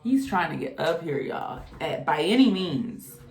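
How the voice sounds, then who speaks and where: A woman's voice: sits low, big pitch swings, unhurried, creaky, a little mellow, faint music behind. A woman casually reading tarot cards, chatty and exclamatory. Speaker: tarot reader. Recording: echoey room.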